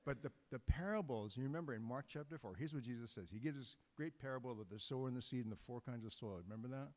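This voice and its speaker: A guest preacher delivers a loose, conversational sermon in a church sanctuary, joking with the congregation and often restarting his sentences. His voice is mid-range and fast, and the recording carries a long hall reverb.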